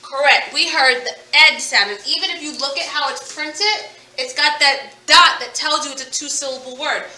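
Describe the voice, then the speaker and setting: Woman teacher going over word endings, super bright high voice, echoey room away from the mic. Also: far from the mic. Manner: patient, drills words slowly and asks questions. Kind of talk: phonics lesson.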